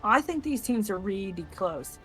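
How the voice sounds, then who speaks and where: A woman's voice: medium pitch, animated, a little slow. Analytical female esports analyst. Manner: analytical, thinking aloud with many restarts. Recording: faint game music behind.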